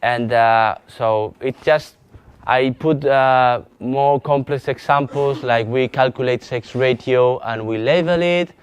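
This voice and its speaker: Slow, clear-voiced Spanish-accented male instructor. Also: medium pitch. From Spain. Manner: halting, many restarts and fillers while demonstrating on screen. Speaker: GIS instructor. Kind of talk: live software training lesson.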